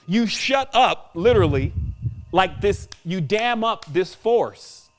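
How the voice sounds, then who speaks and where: Podcast host, male, high voice, slangy and emphatic, easy chuckle. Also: slow pace, faint music behind. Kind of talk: spiritual podcast monologue.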